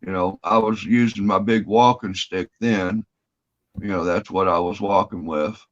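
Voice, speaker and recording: A man's voice: low voice, fairly even intonation, normal speed. A man telling a long story in casual chat, rambling and swearing freely. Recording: dull lo-fi audio.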